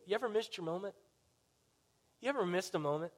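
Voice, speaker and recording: This pastor's voice is male, high-pitched and brisk. He delivers his sermon as conversational storytelling, frequently turning to the congregation with questions.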